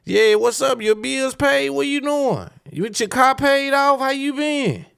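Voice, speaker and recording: Pitched-up, eager ladies' man crooning down the phone , put on by a man. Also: lively intonation, a little slow, vocal fry, fairly bright tone, smooth, full character voice. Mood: sweet-talking. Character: slick man sweet-talking an ex-girlfriend on the phone.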